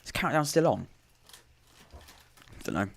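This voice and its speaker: With a slightly high, gravelly, animated voice, this man speaks unhurriedly while hosting a football watchalong from home for his podcast. His live commentary and chat wander, and he keeps interrupting himself and restarting. Dry sarcasm lands between stretches of play-by-play.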